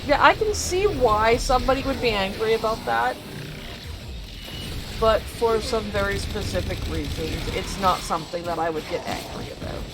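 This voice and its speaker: A woman's voice: mid-range voice, animated, moderate pace, over music, poor audio. Chatty woman streaming a game. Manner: chatty, answers chat with frequent laughs. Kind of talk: casual live-stream chat while gaming.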